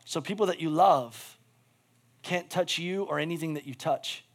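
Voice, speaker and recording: A man preaching a sermon as pastor, animated and casual, swinging between loud bursts and hushed asides. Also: on the high side, moderate pace. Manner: casual, with many "like" fillers.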